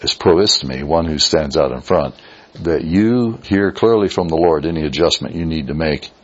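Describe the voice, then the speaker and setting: A man preaching a sermon as pastor, fervent, with sudden rises and hushed drops. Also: very deep voice, moderate pace, husky, muffled recording.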